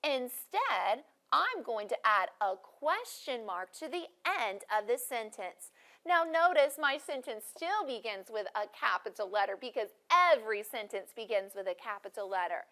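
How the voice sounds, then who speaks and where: A woman teaching a first grade class, speaking clearly and encouragingly to students watching on video. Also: fairly high pitch, expressive, pushed and bright. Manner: clear, encouraging, deliberately paced teacher talk.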